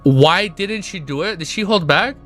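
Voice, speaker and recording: A man's voice: medium pitch, expressive, brisk, a bit bright, soft background music, close to an everyday voice. A man reading aloud as a bitter, furious young man who makes harsh, clipped accusations. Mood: angry.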